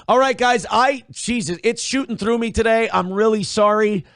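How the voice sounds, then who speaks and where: A man hosting a casual livestream, reading out donations and chatting with viewers. His voice swings from hyped shouting to low muttering. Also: moderate pace, clean tone, dry recording, studio quality. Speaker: livestream host.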